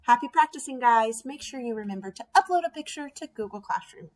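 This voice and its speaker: A woman teaching a phonics lesson to young children, sounding out each vowel slowly and clearly. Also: fairly high pitch, animated. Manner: slow, drawn-out sounding out of vowels. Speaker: first grade teacher.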